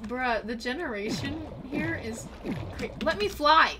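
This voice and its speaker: A young woman livestreaming a game in casual chat, excitable and prone to gasping and squealing at what she finds. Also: high voice, unhurried, noisy background. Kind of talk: casual gaming stream chat.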